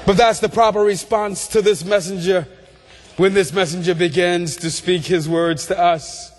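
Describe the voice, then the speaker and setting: A man preaching a sermon with passion, building through repeated phrases and rising to shouts. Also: sits high, fairly even intonation, normal speed. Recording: long reverb of a large hall.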